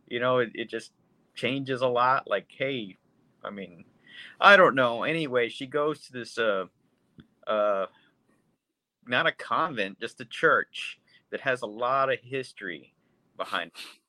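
A man's voice: mid-range voice, sharp tone, no echo. A man co-hosting a podcast, bluntly and profanely rambling through a casual movie review chat. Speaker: podcast co-host.

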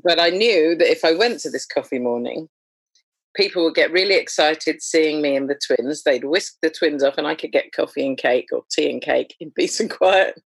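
A woman, a doula, chatting as a podcast guest in a lively, humorous storytelling way. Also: sits low, moderate pace, breathy edge, no echo. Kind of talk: conversational storytelling.

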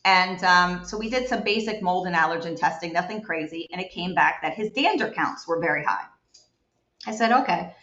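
Chatty woman with a bright, roomy sound. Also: on the low side, normal speed, dull audio. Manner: animated, chatty, many fillers and likes. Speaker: home environmental investigator. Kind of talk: guest storytelling in a chat.

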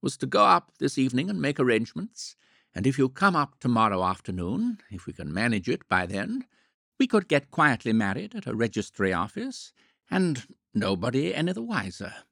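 A man doing a blustering, fussy gentleman. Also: medium pitch, sing-song, moderate pace, creaky, breathy edge, no room sound, studio quality, voice pushed up, full character voice. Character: flustered, self-assured middle-aged gentleman.

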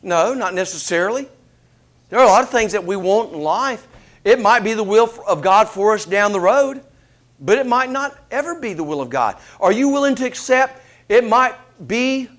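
A man preaching a sermon, asking rhetorical questions in an animated delivery. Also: high voice, moderate pace.

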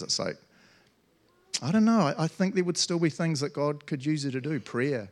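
A man preaching a casual, playful sermon, chatty and acting out quotes with sudden loud outbursts. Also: mid-range voice, brisk. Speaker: pastor.

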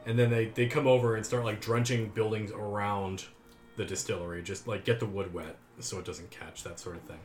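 A man running a tabletop game as game master, describing scenes in a relaxed, storytelling way with fillers. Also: fairly low pitch, fairly quick, a little hiss or hum. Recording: roomy room sound.

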